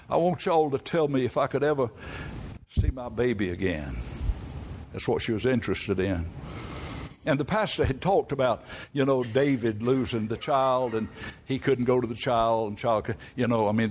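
A man's voice: darkish tone, a little hiss or hum. Older man preaching a folksy sermon. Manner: folksy storytelling preacher, rising to high emphatic peaks. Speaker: pastor.

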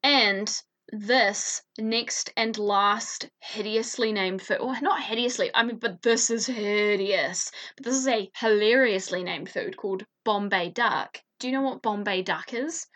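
A woman's voice: mid-range voice, measured pace, a bit bright. A woman co-hosting a podcast, chatting casually, giggling often and swearing freely. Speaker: podcast co-host. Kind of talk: casual chat.

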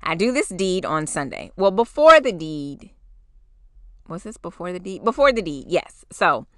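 A woman in her forties hosting a podcast, telling a personal story in a casual, animated way, acting out quotes and swearing freely. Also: fairly low pitch, moderate pace, no room sound, studio quality. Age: 40s. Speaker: podcast host.

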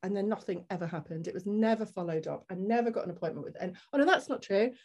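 A woman's voice: medium pitch, fast. A woman guest on a podcast, telling a personal story candidly and acting out the people in it. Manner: animated, acts out the people in her story.

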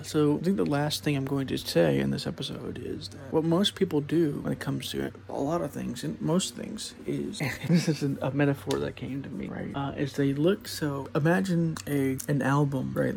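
A man's voice: mid-range voice, gravelly, a little mellow, a little hiss or hum. A young man hosting a podcast, rambling through a spiritual monologue, laughing at his own points and acting out voices of the mind. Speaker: podcast host.

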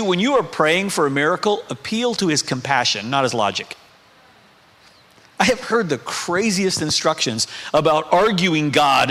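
A man's voice: sits high, bright, forceful tone. A male pastor preaching a sermon in a conversational way, with humorous asides. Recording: preaching in a hall with long reverb.

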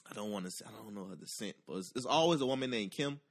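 In a casual chat, a man with a lowish voice tells a long personal story at a very fast clip. He's animated and profane, acting out the voices of the people in it.

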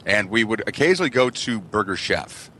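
A man's voice: on the low side, fairly quick, husky. A man telling profane childhood stories in a casual podcast chat. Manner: profane, animated storyteller. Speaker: podcast co-host.

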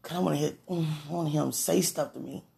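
A vlogger speaking an emotional, pleading prayer to the camera, swinging between quiet murmurs and excited bursts. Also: medium pitch, quick pace, vocal fry, slightly rough. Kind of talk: casual spoken prayer to camera.

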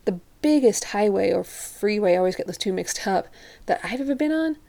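A woman's voice: mid-range voice, lively intonation, fairly quick, creaky, warm tone. A young woman from Europe telling a casual story to the camera, chatty and leaning on "like" constantly, acting out what others said. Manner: chatty, says "like" constantly, acts out quotes. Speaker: vlogger.

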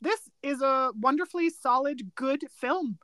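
A woman's voice: high-pitched, measured pace, pushed and bright, no echo. A young woman co-hosting a podcast, chatting enthusiastically about a movie with frequent fillers. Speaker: podcast co-host. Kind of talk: casual movie review chat.

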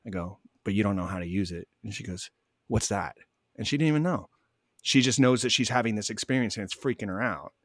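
A man calmly telling stories in an interview, acting out both sides of each conversation. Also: on the low side, fairly quick, no room sound, clean studio sound. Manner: animated, acts out both sides of dialogue. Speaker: guest, spiritual medium. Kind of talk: conversational storytelling.

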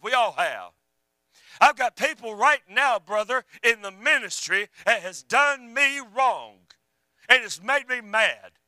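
Man preaching, high bright voice, dry close sound, fervent then hushed. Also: no room sound, poor audio. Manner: fervent, rising and falling, drops to a hush. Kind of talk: sermon.

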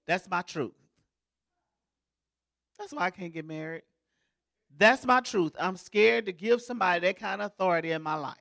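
A woman's voice: lowish voice, moderate pace, creaky, long pauses, fairly bright tone. A woman pastor giving a sermon in a folksy, joking, conversational way, as if in a church.

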